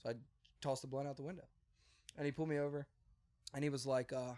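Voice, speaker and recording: A man in casual comedic podcast chat who swears freely, laughs often and jumps in with quick reactions. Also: medium pitch, fairly even intonation, mellow. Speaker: podcast co-host or guest.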